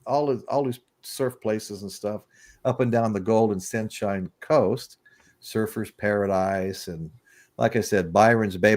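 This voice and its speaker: A man in his sixties from the United States, hosting a casual livestream chat and telling rambling stories with chuckles. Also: on the low side. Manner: rambling storyteller, chuckling, greets chat viewers. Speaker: livestream podcast host.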